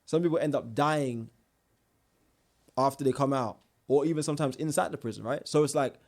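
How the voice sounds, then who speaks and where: A young man, a guest telling his own life story in a casual interview, animated, with slang and restarts. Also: mid-range voice, a little fast.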